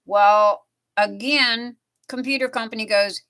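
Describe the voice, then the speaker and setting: With a bright, forceful, mid-range voice, a woman from the southern U.S. streams live from home. She crafts as she chats, letting her stories meander and drag out at length.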